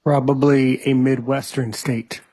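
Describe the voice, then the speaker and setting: A man's voice: medium pitch, little pitch movement, a little slow, mellow, no echo. Man host giving brief, curious replies. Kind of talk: casual chat.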